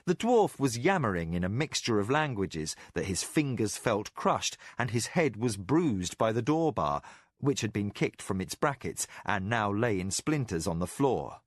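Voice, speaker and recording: A man narrates a fantasy novel with a fairly low voice whose pitch rises and falls a great deal. The delivery is measured and expressive, and the sound is dry and close to the mic. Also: no echo. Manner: measured storytelling with vivid, expressive phrasing. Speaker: audiobook narrator. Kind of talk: scripted narration.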